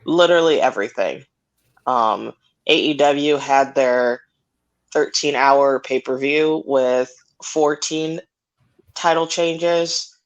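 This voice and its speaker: A man's voice: medium pitch, slow pace, dull audio. A man hosting a casual podcast, laid-back and self-mocking as he moves the talk along. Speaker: podcast host.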